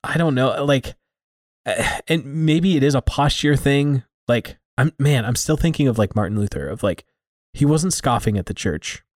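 A wry man chats loosely on a podcast, slipping jokes in among his points. His voice sits at an ordinary pitch for a man. The sound is dry and close to the mic. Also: expressive, moderate pace, no echo. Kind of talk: casual podcast chat.

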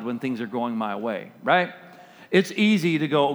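A man preaching a sermon as an animated storyteller who acts out the scenes he describes. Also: medium pitch, moderate pace. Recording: long hall reverb.

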